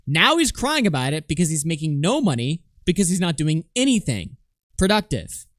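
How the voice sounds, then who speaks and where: Animated mocking male streamer. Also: fairly high pitch, normal speed, dry recording, studio quality. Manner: mocking, animated, mimics others in loud shrieks. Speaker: streamer reacting to a clip. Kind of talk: live-stream commentary.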